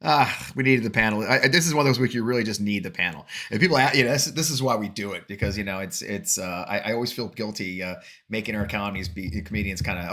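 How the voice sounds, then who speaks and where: A man's voice: lowish voice, quick pace, few pauses, a bit bright. A man hosting a casual political talk show, chatty and rambling, who laughs at his own jokes and then urges viewers to act. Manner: earnest, rallying appeal to viewers.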